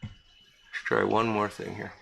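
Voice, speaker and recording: A man's voice: fairly low pitch, level tone, takes it slowly, vocal fry, fairly bright tone, slightly rough, low-quality recording. A man hosting a casual live-stream charity auction, chatting and reading out bidders and their bids. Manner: chatty, reads out bidders and amounts. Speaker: livestream charity auction host.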